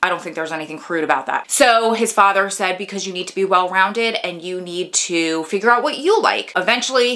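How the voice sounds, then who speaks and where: Bright, chatty woman reviewing a film. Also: fairly low pitch. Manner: chatty, heartfelt, expressive. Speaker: movie reviewer vlogger. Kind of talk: casual movie review.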